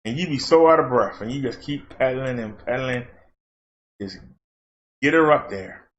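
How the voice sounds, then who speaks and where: A man's voice: medium pitch, lively intonation, moderate pace. A man, hosting his channel and telling a rambling, folksy story in casual chat, full of fillers. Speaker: channel host. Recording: dull lo-fi sound.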